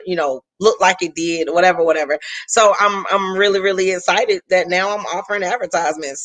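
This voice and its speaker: A woman's voice: mid-range voice, pushed and bright. A woman hosting a faith-based live stream, chatting casually with viewers and greeting them by name.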